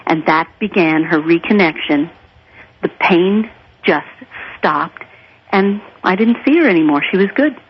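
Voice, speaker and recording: A woman, a therapist and author, tells stories emphatically and earnestly as a guest in a radio interview. Her voice is on the low side with lively intonation and a measured pace, and the lo-fi recording carries a little hiss or hum.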